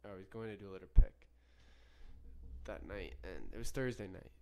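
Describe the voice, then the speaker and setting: A man's voice: lowish voice, normal speed, a little mellow, slight background noise. A young man hosting a solo podcast, telling a story in a rambling, profane way with many self-corrections. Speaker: podcast host.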